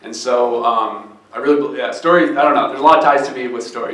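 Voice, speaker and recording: A man's voice: mid-range voice, fairly even intonation, quick pace, hardly any pauses, a bit bright. A man who founded a startup speaks earnestly to a live event audience. He tells a story with many restarts. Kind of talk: live fireside chat. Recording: echoey room.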